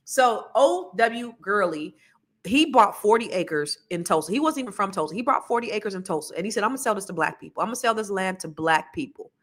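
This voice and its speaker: A woman hosting a podcast, talking in a casual, animated monologue full of asides and storytelling. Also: mid-range voice. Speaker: podcast host.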